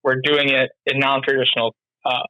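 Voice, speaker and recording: A man's voice: mid-range voice, monotone, fairly quick, sharp tone, no echo, rough recording. A man from North Carolina, a podcast guest, chatting casually and rambling with plenty of fillers and restarts. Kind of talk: casual interview chat.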